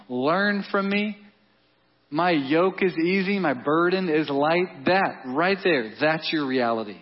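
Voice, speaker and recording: A man preaching a sermon as pastor, talking to the congregation in an emphatic, conversational way and repeating key words. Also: fairly high pitch. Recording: dull lo-fi audio.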